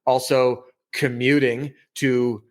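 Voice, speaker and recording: A man's voice: mid-range voice, flat delivery, takes it slowly. A man as a podcast guest, telling his story in a candid, self-deprecating way.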